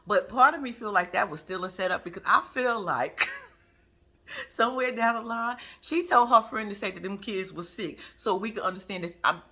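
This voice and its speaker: Woman, AAVE, casual TV recap, laughing, bright voice. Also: mid-range voice, moderate pace, slightly rough. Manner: animated, laughing often, playfully cussing. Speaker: reality TV recap vlogger.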